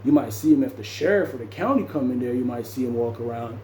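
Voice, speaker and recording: A man's voice: mid-range voice, quick pace, roomy sound, slight background noise, low-quality recording. A man casually telling a story about his past, acting out what people said and punching it up with sound effects. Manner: animated, acts out quotes and sound effects. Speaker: storyteller recounting his jail time.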